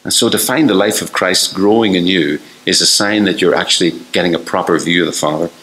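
A man's voice: low-pitched, a little fast, hardly any pauses, a bit bright, roomy sound, low-quality recording. An older man preaching a fervent sermon, asking the listeners one rhetorical question after another and acting out the voices he quotes.

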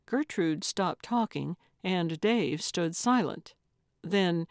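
Slow, measured woman audiobook narrator. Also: fairly low pitch, darkish tone, no echo, studio quality. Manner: measured, plain storytelling. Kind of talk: scripted narration.

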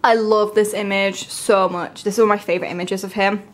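A young woman, chatting casually and gushing with excitement as she unboxes albums. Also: medium pitch, brisk, a little hiss or hum. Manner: gushing, excitable, breaks into gasps and soft whispers.

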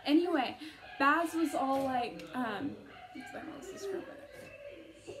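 A woman's voice: very high-pitched, wildly swooping pitch, takes it slowly, music in the background. A woman giving a casual, rambling book review to camera, full of fillers and self-interruptions.

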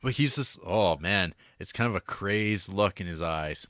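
A man's voice: low voice, expressive, unhurried, sharp tone, dry recording, studio quality. Chatty man acting out movie scenes. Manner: laughs often, acts out characters in mocking voices. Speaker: podcast co-host. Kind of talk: casual chat.

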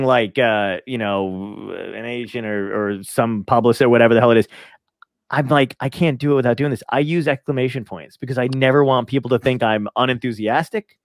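Rambling, sweary podcast host, dry sound. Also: male voice, mid-range voice, dry recording. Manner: swears freely, quick rambling anecdotes with laughs. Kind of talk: casual chat.

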